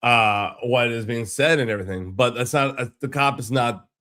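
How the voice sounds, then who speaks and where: A man's voice: medium pitch, moderate pace, pushed and bright. A man hosting a reaction video, talking loosely with lots of fillers and restarts as he comments on a clip. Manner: rambling, full of fillers and restarts. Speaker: commentary host.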